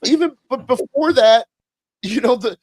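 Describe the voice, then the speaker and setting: A man co-hosting a casual movie podcast, rambling and halting with fillers and crude jokes. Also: very high voice, expressive, no echo. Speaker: podcast co-host. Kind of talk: casual chat about movies.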